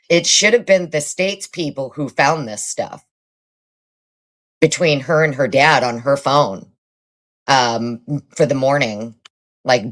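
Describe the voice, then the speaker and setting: Very low-voiced woman streamer. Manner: blunt, casual swearing, frequent fillers. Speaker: live stream host. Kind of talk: casual live commentary.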